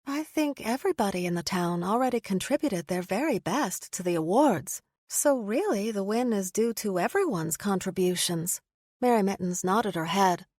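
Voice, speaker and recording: A woman reads a first-person audiobook with a lively, rising and falling delivery and measured storytelling. Her voice is recorded close and dry, with no room sound. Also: medium pitch, no room sound. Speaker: audiobook narrator. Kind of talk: first-person scripted narration.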